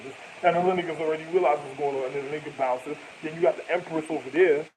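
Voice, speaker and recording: A man's voice: a little high, fast talker, few pauses, darkish tone, a little hiss or hum, low-quality recording. A man in a rambling, profane monologue that jumps from topic to topic.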